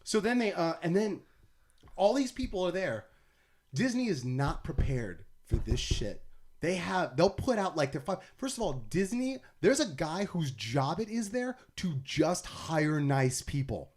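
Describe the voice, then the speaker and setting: A man's voice: on the high side, big pitch swings, measured pace, a little mellow. A man, a stand-up comedian guesting on a podcast, telling a long, profane, rambling story and acting out what people said. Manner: rambling comic storytelling, profane, acts out quotes. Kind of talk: casual podcast chat.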